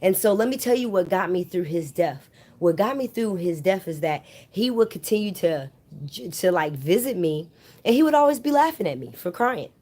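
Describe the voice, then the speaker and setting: A woman's voice: fairly low pitch, animated, normal speed, dark tone. Chatty woman telling a story to her viewers. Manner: chatty, addresses viewers as "you guys". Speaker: vlogger. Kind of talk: casual storytelling to camera.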